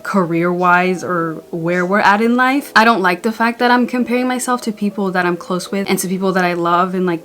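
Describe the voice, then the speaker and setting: A young woman vlogging from her bedroom, her voice sitting a little low for a woman. She talks in a chatty, candid way, full of "like" and sudden playful bursts. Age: young adult. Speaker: YouTuber. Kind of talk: casual vlog monologue.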